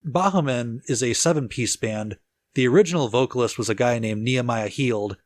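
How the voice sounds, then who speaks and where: A man co-hosting a casual music-history podcast, relaxed and chatty with easy laughter and plenty of fillers. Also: medium pitch, brisk. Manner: relaxed storyteller, laughs easily, lots of filler "like". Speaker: podcast co-host.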